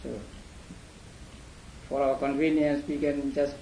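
A man teaching a class in a lecture, speaking haltingly with many fillers and repeated words. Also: mid-range voice, flat delivery, dark tone. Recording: echoey room, faint hum.

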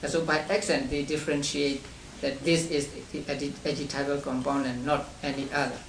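A man leading a study class on meditation texts, explaining slowly and step by step with frequent restarts and soft chuckles. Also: a little high, level tone. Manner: chuckles between points. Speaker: Buddhist meditation teacher. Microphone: distant room mic. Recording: roomy distant amateur recording with hiss.

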